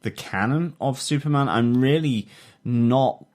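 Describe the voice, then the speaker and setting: A man co-hosting a TV review podcast in casual chat, enthusiastic and halting, with frequent fillers. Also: medium pitch, a little mellow. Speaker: podcast co-host.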